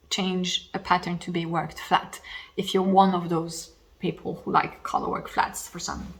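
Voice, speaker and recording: A woman hosting a knitting podcast in casual, rambling chat at home, slightly losing her voice, with self-deprecating asides. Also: medium pitch.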